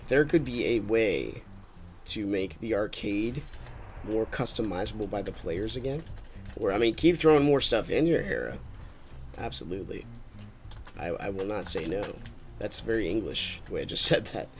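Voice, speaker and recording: A man's voice: fairly low pitch, very animated, normal speed, a bit bright, a little hiss or hum. A man streaming a game with casual commentary, rambling and thinking aloud as he drifts into musings.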